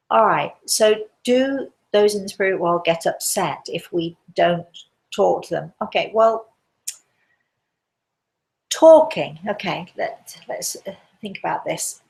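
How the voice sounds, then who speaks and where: A woman hosting a live show as a medium, gently reassuring listeners and calling them darling. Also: on the low side, gravelly.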